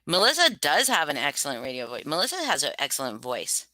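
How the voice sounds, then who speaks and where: Low, bright-voiced woman chatting casually. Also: sing-song, fast talker, no echo. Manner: rambling, filler-heavy, self-conscious. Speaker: livestream host reading stories. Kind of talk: casual livestream chat.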